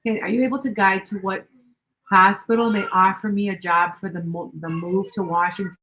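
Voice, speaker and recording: A woman's voice: medium pitch, steady tone, a little fast, pushed and bright, highs cut off. An older woman hosting a tarot livestream, chatting casually in a rambling way with many restarts. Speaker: tarot reader livestream host.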